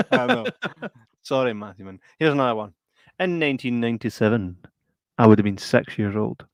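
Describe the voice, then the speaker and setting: A man's voice: medium pitch, expressive, gravelly, no echo. A man, co-hosting a podcast in sweary, jokey casual chat. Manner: sweary, banterous, quick storytelling. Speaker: podcast co-host.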